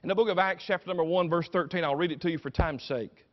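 A man's voice: a little high, fast. A man preaching a sermon in a folksy, emphatic storytelling manner, on a dull recording with long reverb.

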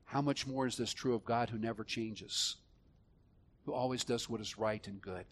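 Preaching man, quiet to emphatic. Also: normal speed, a little hiss or hum. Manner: swings from quiet, low reflection to loud emphatic preaching. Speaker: pastor. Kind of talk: sermon.

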